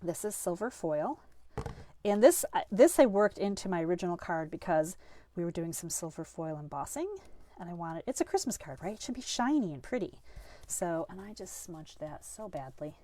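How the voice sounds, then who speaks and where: A woman's voice: lowish voice, very animated, moderate pace, dark tone, no room sound. A middle-aged woman teaching a live card-making class, chatty and upbeat while getting over a cold and a bit sniffly. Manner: chatty, upbeat, self-deprecating. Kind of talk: live-stream craft class.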